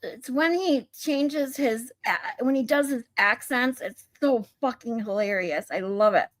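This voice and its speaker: A woman's voice: on the high side, measured pace, dry recording. A woman hosting her channel, chatting casually and searching aloud in an amused tone. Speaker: channel host. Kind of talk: casual chat while playing a clip.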